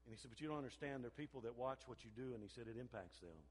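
An older man, a pastor, preaching a sermon with animated storytelling and repeated phrases. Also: medium pitch, racing, breathy edge. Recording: long hall reverb.

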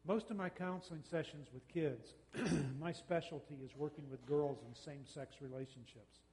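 A man giving a talk on parenting, folksy and conversational, acting out quick exchanges with kids. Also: fairly high pitch, a little mellow, long reverb tail. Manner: folksy, uses quoted dialogue and quick mock exchanges. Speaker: speaker on parenting, radio host and counselor.

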